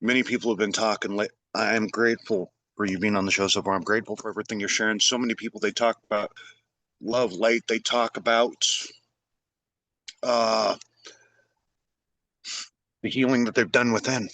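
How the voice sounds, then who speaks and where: A middle-aged man hosting a conversation, talking in an animated, rambling way. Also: on the low side, normal speed, long pauses, no echo. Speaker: podcast host. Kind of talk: casual conversation.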